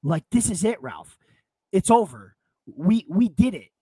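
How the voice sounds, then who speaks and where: A fairly high-voiced man tells a story with plenty of excitement, and his pitch jumps all over the place. He swears freely and repeats himself as the words pile up. The sound is dry and close to the mic, like a casual podcast. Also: unhurried, breathy edge, dry recording. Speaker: podcast co-host.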